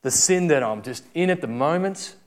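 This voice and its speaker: Lively male preacher. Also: on the high side, normal speed. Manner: lively, conversational storytelling with acted-out quotes. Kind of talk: sermon.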